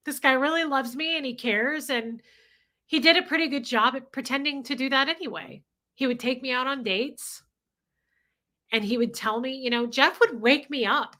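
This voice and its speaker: Bright-voiced woman, blunt and raw. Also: a little high. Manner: raw and emotional, blunt, swears freely. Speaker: livestream host. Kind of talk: candid confessional livestream talk, reading viewer comments.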